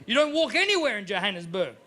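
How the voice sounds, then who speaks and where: A man from Australia with an Australian accent, doing a live stand-up set in an animated, mocking, profane manner. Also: high-pitched, quick pace. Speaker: stand-up comedian. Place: live comedy venue.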